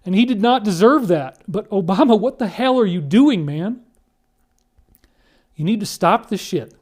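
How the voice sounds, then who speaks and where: A man with a fairly high voice walks the listener through photos in earnest, conspiratorial commentary. His talk is full of restarts, and he turns pleading and choked up, close to tears. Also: lively intonation, normal speed, a little mellow. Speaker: speaker presenting disclosure claims. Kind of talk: emotional commentary over photos.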